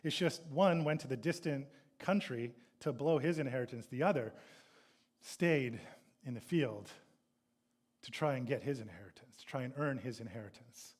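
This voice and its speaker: This sermon comes from a male pastor speaking at a moderate pace in a mid-range voice. He reads a scripture passage and retells it, sometimes voicing the sons' complaints with a raised voice.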